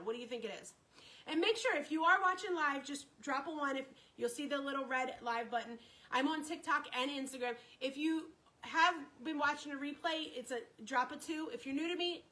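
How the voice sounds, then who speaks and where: High bright-voiced woman chatting. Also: rough recording. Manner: chatty, repeats herself, greets viewers by name. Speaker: live-stream host. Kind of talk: casual live-stream storytelling.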